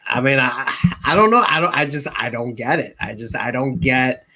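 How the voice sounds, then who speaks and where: A man's voice: medium pitch, moderate pace, bright, forceful tone. A man co-hosting a casual podcast, friendly and greeting his listeners by name. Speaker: podcast co-host.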